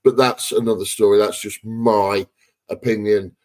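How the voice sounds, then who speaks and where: Blunt, low-voiced man. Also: fairly even intonation, normal speed, a little mellow, rough recording. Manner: blunt, opinionated, rambling. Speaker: podcast co-host. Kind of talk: casual wrestling podcast chat.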